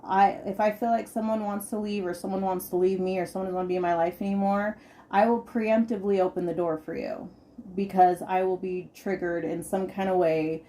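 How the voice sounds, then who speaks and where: A woman's voice: mid-range voice, steady tone, a little fast, mellow. A woman in her thirties hosting a podcast, talking candidly and emphatically about her own life. She repeats words for stress and swears casually. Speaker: podcast host. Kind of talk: candid personal podcast talk.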